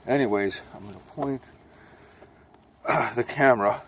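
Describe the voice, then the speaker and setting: A man's voice: medium pitch, unhurried, fairly bright tone. An older man from Brooklyn with a Brooklyn accent, talking in a meandering, chatty, folksy way on a casual vlog walk, filmed on his phone outdoors. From Brooklyn, New York. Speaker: vlogger. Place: outdoors on a walk, by a road and railway. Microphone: phone camera. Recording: noisy outdoor phone recording. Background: outdoor noise.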